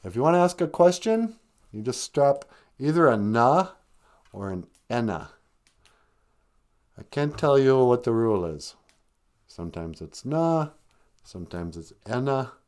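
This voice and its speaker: A man chats loosely on a live-stream podcast, his pitch swinging up and down as he jokes. He rambles from one aside to the next and drops in native words as he explains them. His talk stays easygoing and unscripted. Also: very animated, a little slow, pauses often, a little mellow. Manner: joking, rambling, teaches native words offhand. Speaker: podcast host. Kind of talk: casual live-stream chat.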